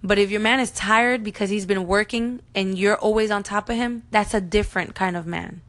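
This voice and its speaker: A woman's voice: medium pitch, steady tone, a little fast, a bit bright. A woman in her thirties telling her own birth story to her viewers, emotional and earnest, speaking to them directly. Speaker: mom vlogger. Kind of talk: personal storytelling to camera.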